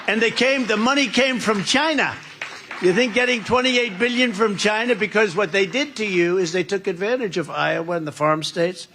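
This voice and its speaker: A man's voice: sits high, a bit bright. Older man giving a rambling rally speech. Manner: rambling, boastful, repeats phrases. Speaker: political speaker at a rally. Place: large indoor rally room.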